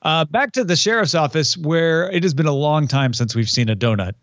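A man's voice: fairly high pitch, brisk, dry recording, dull audio. A man co-hosting a podcast, summarizing a TV plot in casual chat with dry asides. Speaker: podcast co-host. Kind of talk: casual chat recapping a TV series.

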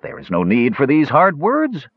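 A man's voice: mid-range voice, wildly swooping pitch, normal speed, breathy edge, dry recording, highs cut off, voice pushed up, full character voice. Man playing a male elf healer, audiobook, soothing and careful, dry sound. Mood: calming. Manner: soothing, cautious.

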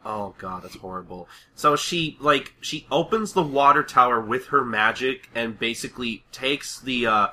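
A man's voice: medium pitch, normal speed, few pauses, sharp tone. A man co-hosting a casual podcast, recapping a cartoon episode in a loose, rambling way with plenty of swearing and laughter. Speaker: podcast co-host.

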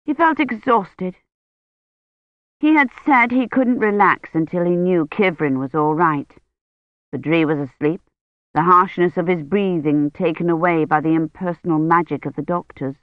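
An audiobook narrator reading a novel in a measured, even way. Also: mid-range voice, no echo. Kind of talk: scripted narration. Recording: dull lo-fi dry studio audio.

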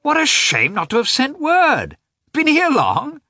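A man reading aloud, voicing a jovial, gushing middle-aged gentleman who is eager and effusive. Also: mid-range voice, wildly swooping pitch, moderate pace, slightly rough, dry recording, studio quality, pitched above the performer's own voice, full character voice. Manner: effusive, eager, talks over others.

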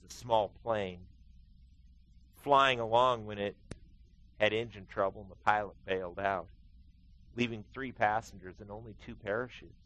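A middle-aged man preaching a sermon as pastor, telling stories and acting out quotes with lively swings in his voice. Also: normal speed, long pauses, rough recording. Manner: animated storytelling preacher, acting out quotes with big pitch swings.

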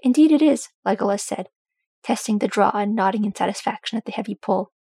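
Gravelly-voiced woman reading a story. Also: medium pitch, flat delivery, fast talker, darkish tone, no room sound. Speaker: audiobook reader. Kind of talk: storybook narration.

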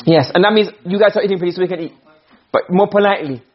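Fast, high-voiced male teacher, husky. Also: muffled recording. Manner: explains with repeated questions to students. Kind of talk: classroom lesson.

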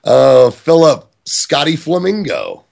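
A man's voice: a little high, huge pitch swings, takes it slowly, creaky, darkish tone. A man hosting a casual quiz game on a podcast, playful and joking as he reads names from a list. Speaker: quiz host.

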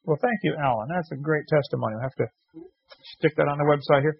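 A man's voice: on the high side, fast, vocal fry, slightly rough, muffled recording. A man hosting a casual radio show, chatty and jokey, reading listener letters aloud and correcting himself as he goes.

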